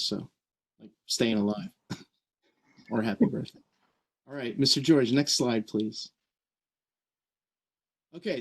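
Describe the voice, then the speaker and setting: A man leading a troop meeting over a video call, explaining things earnestly and often checking in with "right?". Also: mid-range voice. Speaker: scout troop leader. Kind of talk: virtual meeting presentation.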